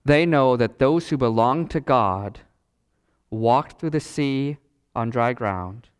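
A middle-aged male pastor preaching a sermon dramatically, with long pauses and big swings in pitch. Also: clear, resonant tone.

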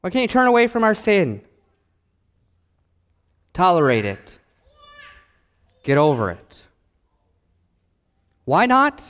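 A man preaching a sermon as pastor, animated and acting out the voices in his stories. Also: sits high, slow pace, pauses often, smooth, in a large hall.

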